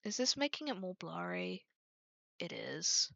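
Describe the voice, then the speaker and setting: Creaky, bright-voiced young woman streamer. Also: on the low side, big pitch swings, measured pace, no echo. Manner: exasperated, swearing, talking to chat. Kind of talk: casual livestream chat. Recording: dull lo-fi dry mic.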